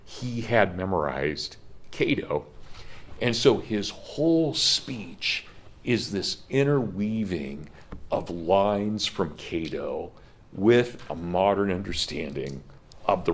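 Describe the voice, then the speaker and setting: A man with a low, deep voice lecturing on history to a class. He tells the story emphatically and with feeling, and he is middle-aged. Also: breathy edge. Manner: animated storytelling, emphatic, gets emotional. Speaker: history professor.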